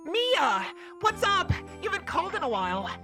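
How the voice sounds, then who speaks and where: A teasing, bubbly kid sister. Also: female voice, extremely high pitch, sing-song, moderate pace, music in the background. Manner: playful, teasing. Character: cheerful teasing young woman, little sister.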